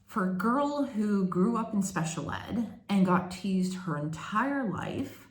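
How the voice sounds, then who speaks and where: A woman's voice: medium pitch, darkish tone. A woman from Canada, telling her story candidly in a chatty, casual vlog. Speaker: vlogger. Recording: echoey room.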